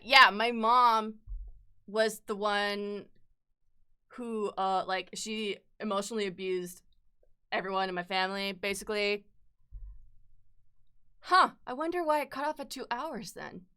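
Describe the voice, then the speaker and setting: Young woman streamer, frank casual chat, smooth and sharp voice. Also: mid-range voice. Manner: candid and frank, swears freely; upset, close to tears at times.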